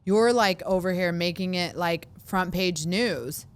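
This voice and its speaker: A chatty woman in her thirties talking through a solo podcast episode. Her voice is smooth and clear and sits a little on the low side. She acts out fretful voices in quick asides. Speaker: podcast host. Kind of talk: casual solo podcast monologue.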